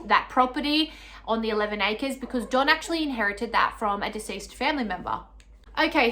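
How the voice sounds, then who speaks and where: A young woman speaks in a slightly high voice as she talks through a true crime case for her channel. Her delivery is casual and earnest, and she slips in plenty of "you know" and "like" as she goes. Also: pushed and bright. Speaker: true crime video host.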